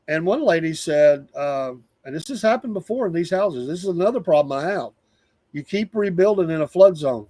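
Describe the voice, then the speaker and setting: A man's voice: a little high, darkish tone, no room sound. A middle-aged man with a Southern US accent hosting a live show, venting in a casual, rambling monologue and repeating himself for emphasis.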